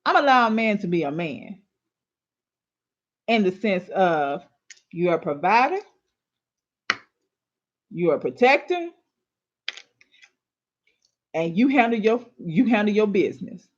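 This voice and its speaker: Taking it slowly with long pauses, a woman speaks in a sing-song, medium-pitched voice as she gives women casual relationship advice. She hosts a relationship and astrology advice show and scolds her listeners in a sassy, emphatic, colloquial style. The recording is dull and lo-fi.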